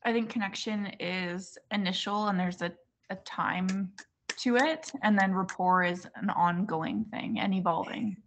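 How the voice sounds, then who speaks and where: Measured woman joining a video call. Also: medium pitch. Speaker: webinar participant. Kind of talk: casual answer in a workshop.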